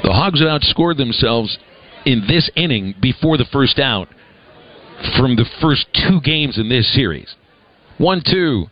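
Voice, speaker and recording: A man calls a baseball game play-by-play at a brisk, conversational clip, with a dry sense of humor between pitches. His voice sits at an ordinary middle pitch. The broadcast audio sounds slightly dull. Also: sing-song. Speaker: play-by-play announcer. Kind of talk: live baseball play-by-play commentary.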